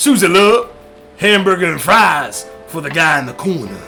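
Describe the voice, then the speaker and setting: A man voicing an older male diner cook in a game, with a raspy put-on southern drawl. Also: fairly high pitch, very animated, moderate pace, pushed and bright, soft background music, full character voice. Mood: gruff.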